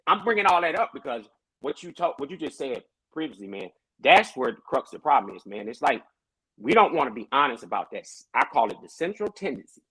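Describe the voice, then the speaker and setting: A man who is a pastor, talking in a casual podcast discussion with animated, preacher-like storytelling. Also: medium pitch, a little fast, slightly rough, no room sound, low-quality recording.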